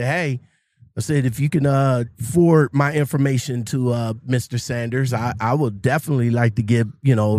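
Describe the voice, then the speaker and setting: A man's voice: medium pitch, no room sound. Casual man hosting, many fillers, dry sound. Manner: informal, filler-heavy, gentle. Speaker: interview host. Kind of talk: casual interview.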